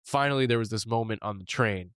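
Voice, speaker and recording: A man's voice: fairly low pitch, fast talker, a bit bright, clean tone, no room sound. A man co-hosting a podcast, telling a personal story candidly and with animation, laughing now and then and swearing casually. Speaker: podcast co-host.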